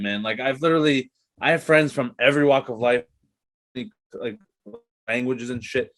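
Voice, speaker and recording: Male comedian guest from Canada, mid-pitched, profane ranting delivery, casual podcast chat. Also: normal speed, a bit bright.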